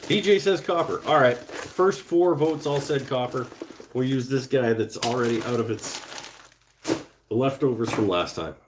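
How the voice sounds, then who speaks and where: In a casual live stream from his workshop at home, a woodturner reads viewer comments and mutters to himself while he works, staying relaxed and thinking aloud. He speaks at a moderate pace in a medium pitch, with background noise present.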